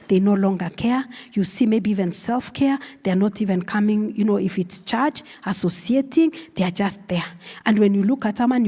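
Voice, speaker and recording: A woman's voice: medium pitch, a little mellow. A woman with a Kenyan accent giving a sermon in a conversational, explanatory teaching tone. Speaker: preacher. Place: church. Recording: long church hall reverb.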